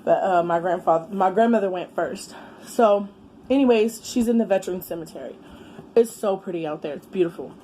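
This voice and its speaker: A middle-aged woman, chatting casually as a vlogger while eating, exclamatory and quick to laugh. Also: medium pitch, dark tone, slight background noise. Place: home, with a fan running.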